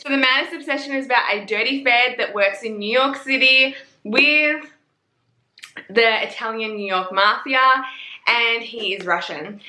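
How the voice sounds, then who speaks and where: A woman's voice: a little high, echoey room. A young Australian woman with an Australian accent, gushing and swearing in a casual book review vlog. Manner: gushing, profane, excitable.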